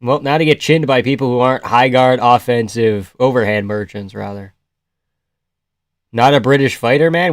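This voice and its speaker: A man's voice: medium pitch, moderate pace, no echo, studio quality. Laid-back man streaming fight reactions. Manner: loud outbursts of excitement, then laid-back banter with chat. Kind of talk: casual live reaction commentary.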